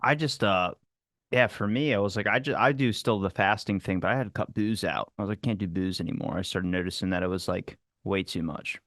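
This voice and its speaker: A man's voice: low-pitched, a little fast, a bit bright, dry recording, clean studio sound. A man hosting a podcast, trading easygoing, joking banter with his guest. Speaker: podcast host. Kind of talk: casual chat.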